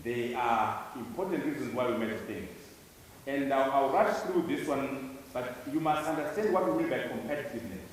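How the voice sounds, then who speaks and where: A man's voice: mid-range voice, normal speed, a little hiss or hum. A man from Zimbabwe giving an emphatic conference speech to students, hammering key words through repetition. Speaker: conference speaker. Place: large lecture hall. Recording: echoey hall, speaker far from mic.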